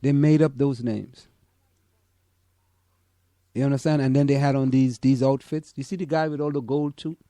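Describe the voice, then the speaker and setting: Emphatic man, mellow voice, dry sound. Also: mid-range voice, fairly even intonation, normal speed, long pauses, no room sound. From Caribbean. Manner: stammering restarts, emphatic. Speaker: podcast co-host. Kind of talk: casual chat.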